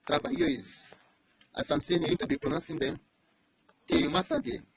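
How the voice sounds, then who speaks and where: Man, language teacher, husky voice, slightly high pitch, repeats words slowly, dull lo-fi recording. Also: steady tone. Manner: slow, repeats each word several times. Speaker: French teacher. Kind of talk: online language lesson.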